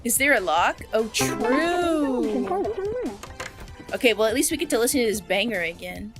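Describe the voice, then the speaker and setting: Playful high-voiced woman streamer. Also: animated, moderate pace. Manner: playful, hums and sings along, jumps to squeals. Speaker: streamer playing a horror game. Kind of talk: casual live-stream chat. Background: faint game music.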